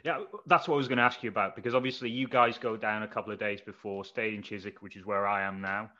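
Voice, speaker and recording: A man's voice: on the low side, fairly even intonation, fast, sharp tone. A man hosting an interview, asking long rambling questions full of fillers. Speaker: interview host. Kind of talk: interviewing guests. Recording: dull lo-fi remote line.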